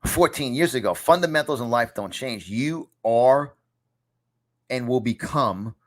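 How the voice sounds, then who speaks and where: A man's voice: mid-range voice, animated, a little slow. A man in his fifties with a New York accent gives a motivational talk as a podcast host, repeating key lines in an emphatic, punchy, preacher-like delivery from a home studio. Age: 50s. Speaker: podcast host and success coach.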